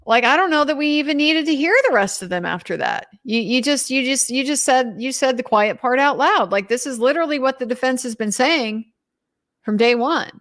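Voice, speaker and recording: A woman's voice: sits high, brisk, fairly bright tone. A young woman commenting on a trial in a casual recap, incredulous and emphatic, reading out quotes as she goes. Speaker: legal commentator.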